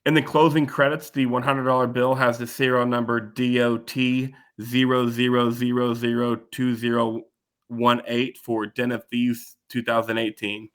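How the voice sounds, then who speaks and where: A man's voice: medium pitch, flat delivery, normal speed, fairly bright tone. A man hosting a movie podcast, reading out trivia in a methodical, matter-of-fact way and chatting casually. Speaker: podcast host.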